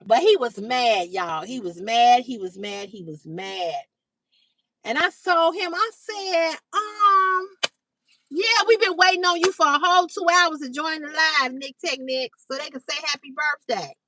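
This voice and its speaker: A middle-aged woman hosting a livestream, telling a story casually to her chat, acting out the quoted lines in a higher voice and swearing freely. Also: measured pace, dry recording, distant mic, rough recording. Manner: animated, acts out quoted dialogue in a higher voice. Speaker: livestream host.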